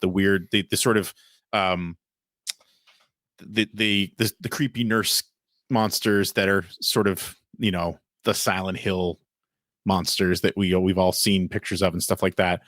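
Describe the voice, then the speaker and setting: A man's voice: sits low, steady tone, a little slow, fairly bright tone, dry recording, studio quality. A man co-hosting a podcast in casual chat, rambling with many restarts and fillers. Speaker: podcast co-host.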